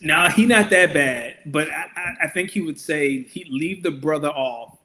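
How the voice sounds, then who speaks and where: A man's voice: fairly high pitch, moderate pace, pushed and bright, a little hiss or hum. A man co-hosting a podcast in casual chat, bantering in a profane, incredulous way.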